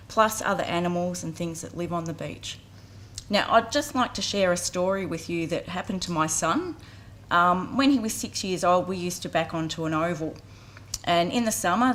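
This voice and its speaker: A woman's voice: lowish voice, fairly bright tone, a little hiss or hum. An Australian woman in her forties giving an earnest public talk at a community campaign launch, telling a story to an audience. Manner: earnest storytelling, acts out voices briefly. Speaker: community vet care speaker. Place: outdoor event with audience.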